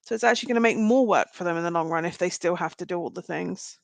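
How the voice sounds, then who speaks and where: A woman's voice: on the low side, fast, vocal fry, no room sound. A woman doing a live tarot reading, chatting straight to her viewers. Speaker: tarot reader. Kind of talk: live-stream card reading.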